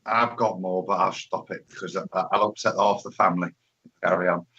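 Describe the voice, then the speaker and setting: A man's voice: sits low, fairly even intonation, brisk, pushed and bright, breathy edge. A man from Nottingham with a Nottingham accent, a co-host teasing and joking in casual banter. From Nottingham, England. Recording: dull lo-fi audio.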